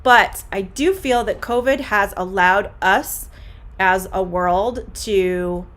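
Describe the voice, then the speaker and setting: A middle-aged woman English teacher, speaking slowly and clearly in a live online lesson. She greets viewers by name and takes her time over each answer, at an ordinary pitch. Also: fairly bright tone. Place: home classroom.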